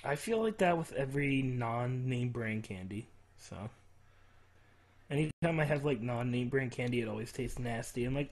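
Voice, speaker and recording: A man's voice: mid-range voice, expressive, moderate pace. A man in a casual podcast chat, blunt and swearing as he grumbles. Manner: blunt, swears, grumbles about cheap candy. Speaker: podcast panelist.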